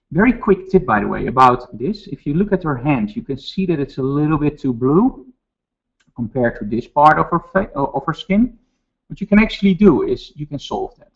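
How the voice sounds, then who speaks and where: A man with a Dutch accent gives a photo retouching tutorial, calmly calling out each step. His voice is gravelly and his pitch moves a lot. The webinar audio sounds dull and lo-fi. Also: moderate pace. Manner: instructive, step-by-step, relaxed asides.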